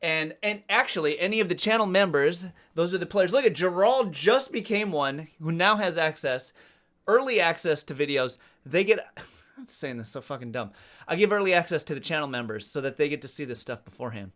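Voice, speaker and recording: A man's voice: on the high side, expressive, brisk, fairly bright tone. A man in his forties hosting a casual live stream, telling rambling, profane travel stories between chat messages. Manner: rambling, profane storytelling while reading chat. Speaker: cycling channel host.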